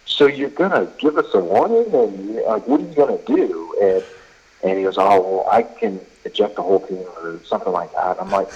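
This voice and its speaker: A man with a very low, husky voice tells baseball stories in a loose, conversational way. He keeps stacking "you know" and "like" and acts out both sides of an argument. It has a broadcast-style sound. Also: lively intonation, brisk, a little mellow, lo-fi sound. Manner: rambling anecdotes full of fillers and quoted dialogue. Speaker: college baseball head coach. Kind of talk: casual podcast chat, storytelling.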